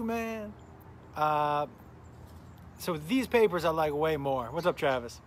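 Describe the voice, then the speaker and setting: A middle-aged comedian talks in a loose, rambling way, stopping his own story to greet viewers. His voice sits a little high for a man and sounds worn and tired. A faint hum of noise runs behind him. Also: slow pace. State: tired, recovering from illness. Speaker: comedian hosting a live smoking stream. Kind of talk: casual live-stream chat and storytelling.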